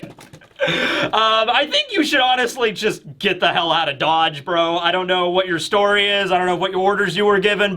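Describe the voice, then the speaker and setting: A man's voice: sits high, moderate pace, sharp tone. A young man hosting a casual comic review, rambling and joking. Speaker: host.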